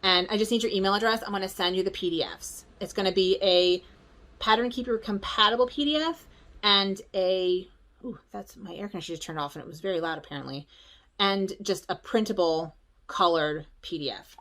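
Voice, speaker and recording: A woman from the Philadelphia area talks through her stitching vlog at home in an easygoing, chatty way. She is excitable and rambles into quick asides, and her voice sits at an everyday middle pitch. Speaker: stitching vlogger.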